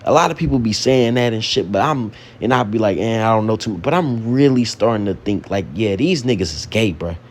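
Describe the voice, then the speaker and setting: A man with a fairly low voice, doing casual reaction commentary. He rants in heavy slang, mocks, and keeps repeating his points. His delivery is loose and conversational. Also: a little mellow, slight background noise. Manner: slangy, mocking, repetitive ranting. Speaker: commentary co-host.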